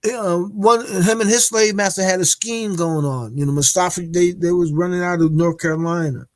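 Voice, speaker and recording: A man giving a religious history lecture, hesitant, with many filler pauses and restarts. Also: high-pitched, no room sound.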